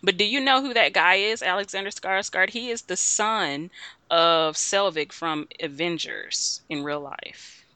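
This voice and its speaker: A man chatting casually about a movie as a podcast co-host, animated and talkative. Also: high voice, unhurried, clear, resonant tone, no echo. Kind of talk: casual movie review chat.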